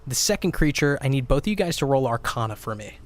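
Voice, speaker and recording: A man running a tabletop game as game master, describing fights and calling for dice rolls in a relaxed way with fillers. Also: medium pitch, quick pace.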